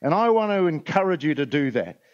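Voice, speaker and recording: At a conference, a man gives a motivational talk full of stories and jokes, dropping frequent "uh" fillers. His voice is a little high and sing-song, and he talks a little fast. The recording is lo-fi.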